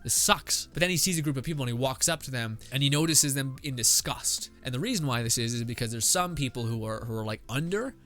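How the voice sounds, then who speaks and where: A man's voice: mid-range voice, expressive, fast talker, few pauses, fairly bright tone. A man hosting a podcast, working out a story on the spot, rambling and thinking aloud with lots of fillers and swearing. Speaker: podcast host. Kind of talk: improvised story brainstorming. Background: faint background music.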